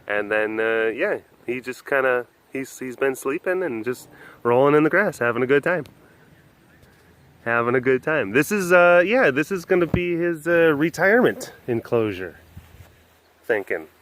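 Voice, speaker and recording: A man's voice: medium pitch, animated, moderate pace, fairly bright tone. A man hosting a casual walk-around webcast outdoors at an animal facility, rambling with lots of fillers and restarts. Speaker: vlog host.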